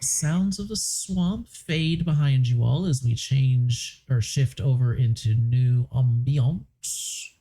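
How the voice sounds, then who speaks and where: A woman narrating a tabletop game as game master, laid-back, with frequent pauses and laughs. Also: extremely low pitch, mellow, slightly rough, rough recording.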